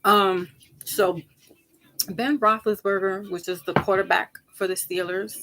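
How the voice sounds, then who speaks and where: A woman tarot reader chatting casually with her viewers, rambling from topic to topic, laughing easily and jumping up high for emphasis. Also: fairly even intonation, unhurried, fairly bright tone. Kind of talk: casual chat with viewers before a reading.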